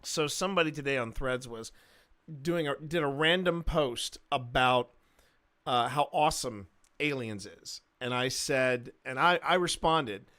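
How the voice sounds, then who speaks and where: A man hosting a livestream, chatting casually and rambling, with loud bursts of laughter. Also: mid-range voice, unhurried. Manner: quotes films in a gruff mimic voice. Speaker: livestream host.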